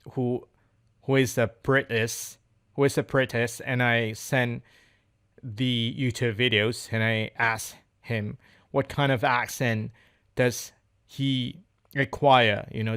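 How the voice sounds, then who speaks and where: A man's voice: mid-range voice, fairly bright tone, clean tone. A man speaking in an unscripted practice monologue, hesitant and searching for words, often repeating phrases as he goes. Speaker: English learner recording speaking practice.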